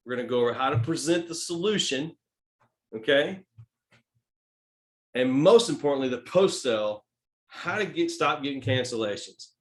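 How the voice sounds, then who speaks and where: Emphatic Texan man coaching sales. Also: mid-range voice. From Texas. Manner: emphatic, tags lines with "right?" and "okay?"; swings between loud stresses and soft asides. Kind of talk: sales training talk.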